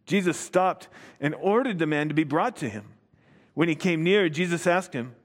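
A man with a high voice preaching a sermon, reading a passage and then explaining it. He presses hard on key words and slows down to let them land. His voice carries a long reverb, as in a large hall. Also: animated. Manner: emphatic, drawing out key words.

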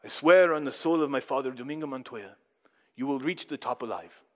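A man's voice: high voice, expressive, normal speed, big-room sound, voice pushed up. A man putting on an impatient Spanish swordsman. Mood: solemn. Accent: attempted Spanish accent. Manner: courteous, formal phrasing.

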